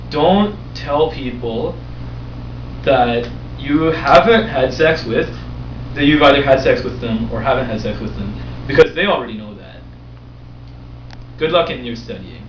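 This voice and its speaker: A man's voice: medium pitch, measured pace, long pauses, slight background noise. A young man hosting a vlog, telling a story in a casual, rambling way with lots of fillers. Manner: rambling, animated, with many fillers. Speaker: vlog host. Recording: dull roomy recording from a distance.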